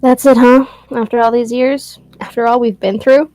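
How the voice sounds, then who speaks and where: A woman's voice: fairly high pitch, level tone, moderate pace, warm tone, no echo, soft background music, lightly acted, poor audio. Woman voicing a bitter young rocker guy. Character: brooding young male rocker ex-bandmate. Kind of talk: voicing game dialogue.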